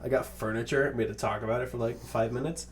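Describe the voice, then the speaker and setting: A young man in casual chat, telling stories in an animated, playful way with loud bursts of laughter. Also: medium pitch, quick pace, a little hiss or hum. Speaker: podcast co-host.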